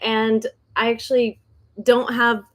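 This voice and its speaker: A woman's voice: on the high side, level tone, slow pace. A young adult woman hosting a casual livestream from her home, chatty and a little nervous, laughing often. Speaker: host of a decluttering channel, author. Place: home in South Korea.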